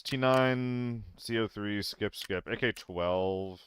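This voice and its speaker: A man's voice: on the low side, slow, fairly bright tone, clean tone, no echo. A young man streaming a game, chatting casually with viewers, self-deprecating and swearing freely. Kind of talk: casual live-stream chat.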